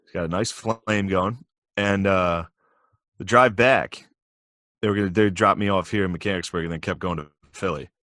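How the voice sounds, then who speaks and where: A man, a podcast co-host who riffs on jokes in a deadpan way during casual banter. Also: low voice, moderate pace, no room sound, clean studio sound. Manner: wisecracking, riffing on jokes with a deadpan tone.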